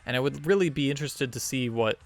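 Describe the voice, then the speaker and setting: A man's voice: mid-range voice, quick pace, faint music behind. A man doing a casual, rambling, sarcastic movie review video, joking as he goes.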